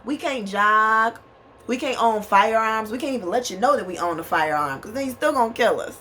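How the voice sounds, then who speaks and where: Brisk and expressive, her bright, high-leaning voice carries over slight background noise as this vlogger rants furiously at the camera. She swears, hammers her points home, and addresses viewers as y'all, all from a small bedroom where a fan is running.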